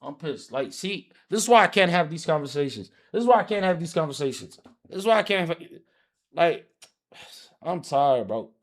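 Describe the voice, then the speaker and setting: A man's voice: fairly high pitch, big pitch swings, moderate pace. A man live streaming, ranting heatedly and profanely about soccer, repeating himself as he argues with his chat.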